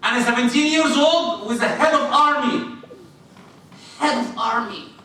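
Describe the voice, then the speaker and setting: A man preaching a sermon in a mosque, animated, acting out little scenes and putting questions to his listeners. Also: very high voice, moderate pace. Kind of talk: sermon to a congregation. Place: mosque prayer hall. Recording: echoey hall, distant mic.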